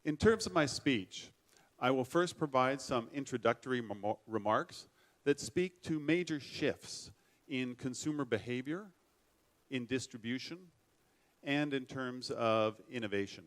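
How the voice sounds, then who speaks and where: A middle-aged man giving a formal, measured keynote speech at a conference. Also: medium pitch, expressive. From United States. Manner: measured, formal, self-deprecating. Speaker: keynote speaker.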